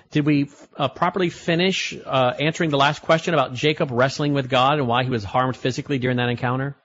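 A male radio host chatting casually, rambling and restarting as he stumbles over a guest's name. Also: medium pitch. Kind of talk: casual talk radio chat. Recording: dull lo-fi broadcast audio.

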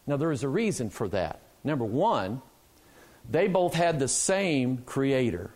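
A man's voice: mid-range voice, big pitch swings, a little slow, darkish tone. A man preaching a sermon in a church, asking the congregation questions and answering them himself with emphasis.

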